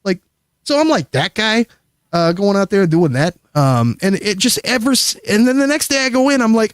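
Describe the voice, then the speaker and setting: A man's voice: sits high, very animated, moderate pace, smooth, no echo. A man casually telling a long, rambling, profane story as a guest on a livestream. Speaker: streamer guest.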